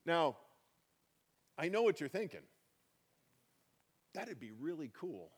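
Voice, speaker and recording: A man's voice: a little high, very animated, slow, slightly rough. A man giving a conversational Bible teaching, reading scripture aloud and then explaining it with chatty emphasis.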